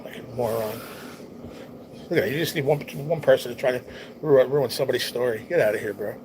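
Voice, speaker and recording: A man's voice: mid-range voice, fast, background noise. A man hosting a livestream, telling a personal story in a rambling, heartfelt way and swearing often. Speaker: livestream host. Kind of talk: casual storytelling to a live chat.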